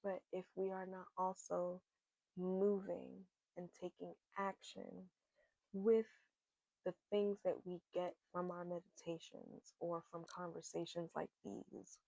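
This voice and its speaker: Slow, gravelly-voiced woman giving card readings. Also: on the low side, little pitch movement, dry recording, highs cut off. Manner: gentle, repetitive, earnest encouragement. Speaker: spiritual card reader. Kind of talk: oracle card reading, encouraging message.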